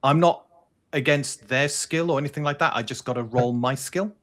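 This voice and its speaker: A man's voice: medium pitch, normal speed, a bit bright. Enthusiastic male interview host. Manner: enthusiastic, affirming, laughs often. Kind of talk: casual interview chat. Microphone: video call.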